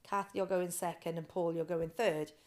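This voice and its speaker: A woman guest on a podcast, telling her swim story with animated quoted voices. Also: on the low side, moderate pace. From Britain. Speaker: guest, ice swimmer. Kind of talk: casual interview storytelling.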